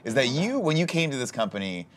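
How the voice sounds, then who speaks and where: A man's voice: medium pitch, very animated, quick pace. Joking man co-hosting a podcast. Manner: joking, riffing, reads sponsor plugs. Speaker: podcast co-host. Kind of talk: casual comedic chat.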